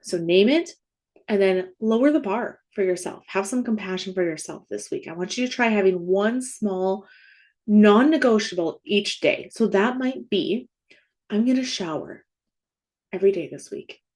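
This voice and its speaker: A woman's voice: mid-range voice, expressive, normal speed, darkish tone. A woman in her thirties hosting a faith-based grief podcast, talking casually and often checking in with "right?" and "okay?". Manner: conversational, frequent "like" and "right?" check-ins. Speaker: grief coach and podcast host. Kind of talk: casual spoken podcast teaching.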